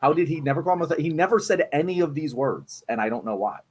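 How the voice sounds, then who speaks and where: A man's voice: on the high side, lively intonation, fast, darkish tone, slightly rough. A man co-hosting a livestream, talking politics bluntly and casually, with some swearing. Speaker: livestream co-host. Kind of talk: casual political debate chat.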